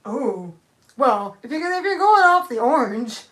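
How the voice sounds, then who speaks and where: A woman's voice: high voice, very animated, normal speed. A young woman thinking aloud in a rambling, casual live-stream chat, answering viewers with many restarts. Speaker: nail art streamer.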